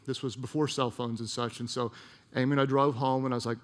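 A man's voice: mid-range voice, flat delivery, fast. A middle-aged male pastor preaching, telling a personal story with emotion and asides to the congregation. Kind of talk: storytelling sermon. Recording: long hall reverb.

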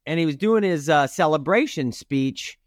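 A middle-aged man delivers a motivational talk, speaking directly and emphatically to his listeners. His voice sits a little high for a man. The recording is dry and close, with no room sound. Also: animated, moderate pace, no room sound. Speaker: podcast host and rodeo competitor.

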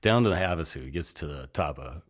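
A rambling older American man with a very low, deep voice spins loose, salty yarns as a guest. He jumps between asides and restarts, acting out the people in his stories. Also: fast, husky. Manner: rambling, animated storyteller, salty language. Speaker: interview guest. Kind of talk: casual storytelling.

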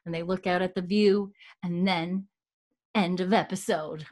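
Her voice is lowish and darkish, with fairly even intonation and a measured pace. As a podcast co-host, she casually recaps scenes, quoting the characters' lines in a chatty, giggly manner.

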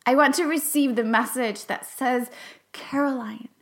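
A young adult woman hosting a podcast, talking in an earnest, halting and emotional way, sometimes dropping to a whisper for emphasis. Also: high-pitched. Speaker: podcast host and class facilitator. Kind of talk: reflective podcast monologue.

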